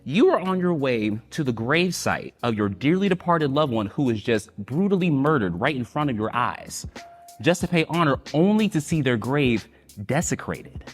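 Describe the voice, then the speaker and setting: A man preaches in a dramatic spoken-word style, his pitch leaping up and down with real life. He drops to a hush, then rises again, and stretches out his words for weight. His voice carries a long hall reverb over faint music. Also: sing-song, breathy edge. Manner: dramatic, swings from quiet to loud, slows for emphasis.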